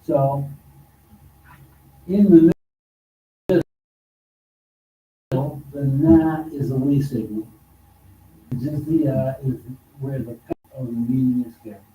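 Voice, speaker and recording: A man teaching an informal religious study class at a mosque, talking slowly and conversationally and repeating words for emphasis. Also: mid-range voice, warm tone. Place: mosque hall. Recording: echoey hall, distant mic, faint noise.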